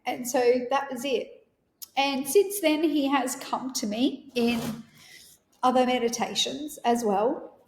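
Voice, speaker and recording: A woman's voice: sits high, slow pace. A woman hosting a podcast, telling a personal story in an earnest, reflective way with many fillers. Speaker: podcast host. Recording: roomy echo.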